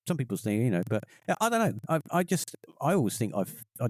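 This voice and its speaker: A man with a West Country English accent guests on a podcast, chatting casually and rambling with many fillers and restarts. His fairly low, darkish voice swings widely in pitch and moves a little fast, captured in a dry, studio-quality recording.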